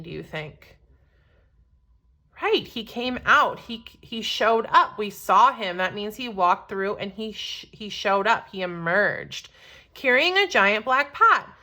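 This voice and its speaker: Expressive, bright-voiced woman reading to kids. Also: mid-range voice. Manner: questioning, encouraging, expressive. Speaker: teacher. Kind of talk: read-aloud story lesson for children.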